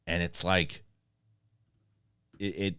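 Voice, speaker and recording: A man hosting a casual review, retelling scenes excitedly and acting out the dialogue, with many restarts. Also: low voice, slow pace, clear, resonant tone, no room sound, studio quality. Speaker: show host reviewing a TV episode.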